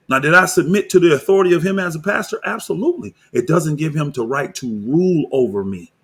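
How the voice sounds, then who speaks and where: A man, a pastor, giving heated reaction commentary on a video, indignant and combative, often rising into loud outbursts. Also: on the high side, slightly rough.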